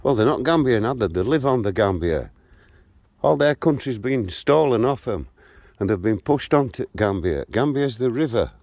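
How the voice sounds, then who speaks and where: Strolling outdoors, a 63-year-old vlogger recounts a rough local confrontation to camera in a blunt, combative manner. His mid-range voice moves at normal speed with lively intonation and a darkish tone, and the recording has no echo.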